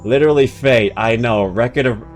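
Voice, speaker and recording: A young man streaming a game, chatting with viewers in a self-mocking, animated way that jumps into high exclamations. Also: a little fast, soft background music. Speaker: streamer and voice actor. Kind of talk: casual live-stream chat while playing.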